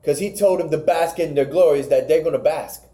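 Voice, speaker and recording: Guy on a podcast going over wrestling, kinda high voice, warm and mellow, trips over names a lot. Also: fairly quick. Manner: rambling, stumbles over names. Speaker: podcast co-host. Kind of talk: casual wrestling show recap.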